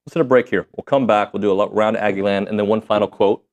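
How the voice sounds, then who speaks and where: A man's voice: lowish voice, steady tone, fast, darkish tone, muffled recording. A man hosting a sports talk show, chatting casually, steering segments and teasing his guest. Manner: conversational, leads segments and teases guest. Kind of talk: casual sports radio chat.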